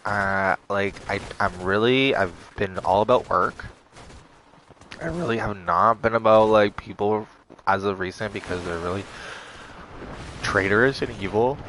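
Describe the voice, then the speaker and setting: A young man casually telling a story to the camera, animated, quoting others in a raised voice, with laughs and swearing. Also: fairly low pitch, a little slow, slight background noise. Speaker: vlogger.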